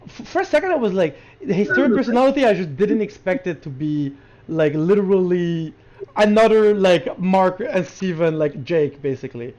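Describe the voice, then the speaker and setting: A high-voiced man co-hosting a podcast, jumping in eagerly and tripping over the first sounds of his words. His voice comes through a dull, lo-fi microphone. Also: lively intonation, normal speed, a little mellow. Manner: eager, stumbles over word starts. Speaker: podcast co-host. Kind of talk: casual chat. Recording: dull lo-fi mic.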